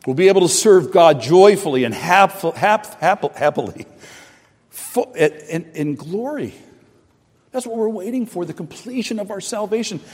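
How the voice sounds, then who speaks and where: A middle-aged man preaching a sermon, earnest, with restarts and repeated phrases, swinging between loud and soft. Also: sits high, lively intonation, measured pace, slightly rough. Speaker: pastor. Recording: preaching voice with long hall reverb.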